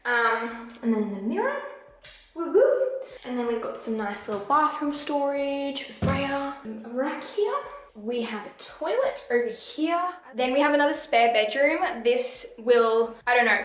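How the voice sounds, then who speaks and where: A woman's voice: fairly high pitch, expressive, a little slow. A young Australian woman chatting casually through a house-tour vlog, bubbly and full of "like". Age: young adult. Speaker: vlogger. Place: empty house, indoors, walking room to room. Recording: echoey bare rooms.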